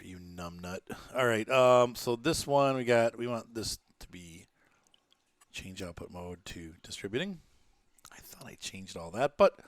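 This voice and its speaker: A man's voice: mid-range voice, a bit bright. A man giving casual, self-mocking commentary over a farming game, chatting and muttering to himself. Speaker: gameplay commentator.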